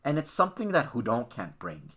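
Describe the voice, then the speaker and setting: A man hosting a sports podcast who rants bluntly about the topics he cares about. His voice is bright and sharp, and his pitch swings up and down a lot as he talks. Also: fairly quick, breathy edge. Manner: ranting, blunt, lively. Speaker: podcast host. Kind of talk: opinionated casual podcast talk.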